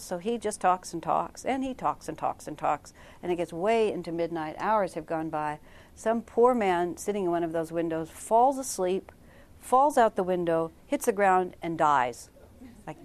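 A woman teaching a meditation class to a live group, chatty and quick to laugh as she tells stories. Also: lowish voice. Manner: conversational, laughs often, animated storytelling. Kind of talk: informal spiritual class talk.

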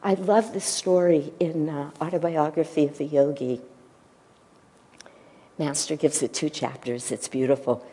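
A woman giving a gentle devotional talk and retelling a story, pausing at times to search for her words. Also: sits low, steady tone, long reverb tail. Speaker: spiritual teacher.

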